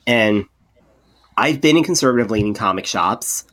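A man's voice: fairly low pitch, normal speed. A man co-hosting a podcast in casual chat, rambling with many restarts and acting out the people in his stories. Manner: animated storyteller, acts out quoted people. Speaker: podcast co-host.

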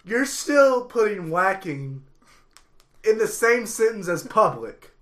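A man's voice: sits high, big pitch swings, takes it slowly, a bit bright. A young man guesting on a casual podcast, teasing and scolding his friend in mock exasperation.

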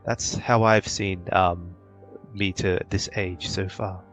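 A man voicing an old motherly halfling woman servant, kindly and resigned, with a creaky voice. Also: sits low, steady tone, slow pace, a bit bright, faint music behind, heavily acted.

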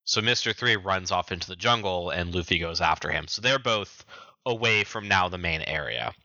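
Guy on a podcast recapping chapters, slightly low voice, super bright tone, kinda dull lo-fi audio. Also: dry recording. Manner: quick retelling with acted-out quotes. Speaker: podcast co-host. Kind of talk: casual recap chat.

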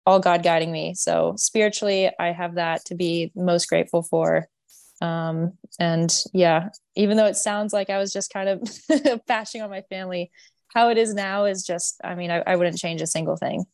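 A woman's voice: fairly low pitch, fairly even intonation, moderate pace, gravelly, a little mellow, no room sound. A young woman guest on a podcast, talking openly and rambling with lots of "like" and "you know". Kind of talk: candid interview talk.

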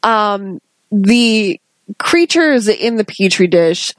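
A woman's voice: medium pitch, lively intonation, no echo. A woman co-hosting a podcast, chatting casually and unhurriedly about favorite cartoon episodes. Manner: unhurried, hesitant with fillers. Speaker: podcast co-host.

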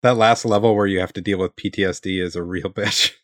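Very deep-voiced man, dry close sound. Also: fairly even intonation, fast, dry recording. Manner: laughs often, reads listener letters aloud. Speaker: podcast co-host reading letters. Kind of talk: casual chat.

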